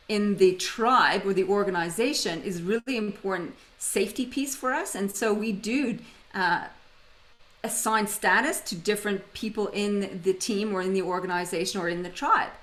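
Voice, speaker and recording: A woman's voice: mid-range voice, fairly bright tone, rough recording. A woman from Canada, presenting a webinar in a conversational way and telling personal stories with humor over a video call microphone. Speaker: webinar facilitator.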